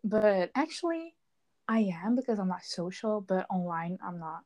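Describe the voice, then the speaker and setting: A young woman whose first language is Dutch, chatting casually in an excitable, gushing way. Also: mid-range voice, normal speed. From grew up speaking Dutch. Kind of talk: casual chat.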